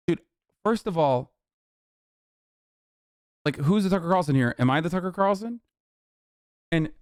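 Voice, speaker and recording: A man's voice: sits high, no room sound, clean studio sound. A man hosting a livestream, reacting in casual, profane, heated commentary with a mocking edge. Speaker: streamer host.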